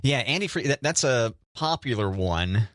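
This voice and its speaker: A man's voice: mid-range voice, expressive, normal speed, a bit bright, no echo, studio quality. A middle-aged man co-hosting a radio show, chatting casually and joking with a teasing manner. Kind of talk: casual banter.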